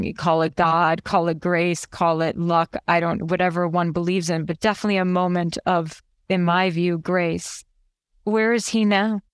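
A woman's voice: on the low side, clear, resonant tone, no room sound, clean studio sound. A woman hosting an interview, reflecting thoughtfully on her guest's story before asking a question. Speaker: podcast host.

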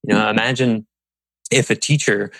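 Animated man telling stories on a podcast. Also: lowish voice, moderate pace, dry recording, poor audio. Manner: animated storyteller, acts out quotes. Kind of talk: casual conversational podcast talk.

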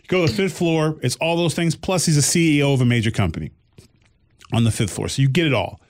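Animated man telling a funny story. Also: fairly high pitch, fast. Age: middle-aged. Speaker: co-host. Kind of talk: casual comedic storytelling.

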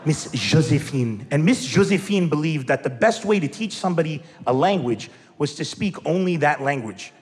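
A man performing stand-up comedy storytelling, animated, bursting into loud shouts as he acts out characters. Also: a little high, moderate pace, few pauses. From Lebanon. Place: large venue with a live audience. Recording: echoey hall with crowd laughter.

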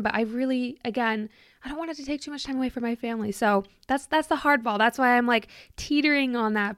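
A woman's voice: mid-range voice, clear, resonant tone, dry recording, studio quality. A young woman hosting her own podcast, chatting in a reflective, emotional way with lots of "like" fillers. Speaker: podcast host. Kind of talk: casual reflective chat.

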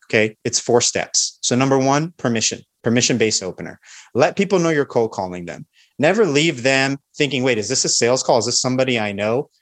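A confident man talks through sales tactics as a guest on a podcast. His pitch sits in an ordinary middle range, and he keeps an energetic teaching manner, briefly acting out the calls he describes. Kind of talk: podcast interview.

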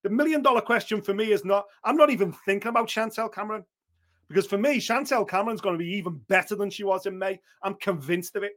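A man's voice: sits high, a bit bright. A man giving blunt, opinionated boxing talk on a podcast, swearing freely and acting out what others might say. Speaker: boxing pundit.

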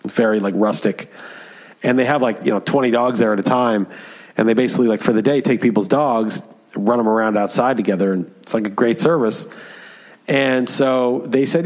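A man co-hosting a podcast, telling a story in casual chat, animated and full of fillers. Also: mid-range voice, fairly quick. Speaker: podcast co-host.

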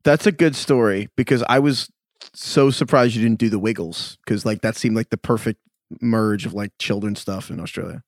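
A man's voice: normal speed, no echo, clean studio sound. A man hosting a casual podcast chat, joking and laughing often. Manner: jokey, laughing, swings pitch widely. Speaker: podcast host.

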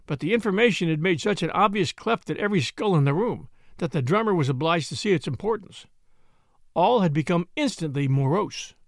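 A man reading a story aloud in an expressive, varied narration. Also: sits high, a little fast, no echo, studio quality.

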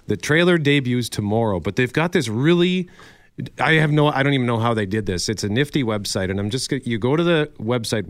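A man's voice: lowish voice, no room sound, clean studio sound. A male radio co-host chatting casually and enthusiastically, rambling a little as he geeks out.

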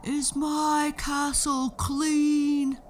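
A woman booming as a lazy old giant. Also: little pitch movement, a little hiss or hum. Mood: roaring. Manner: bellowing slow demands. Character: horrible lazy old male giant, bossy.

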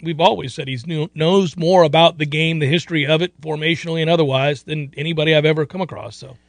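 A man's voice: a little high, fairly even intonation, fast, dry recording. A man hosting a sports radio show in casual, rambling chat, sometimes slipping into playful mock voices.

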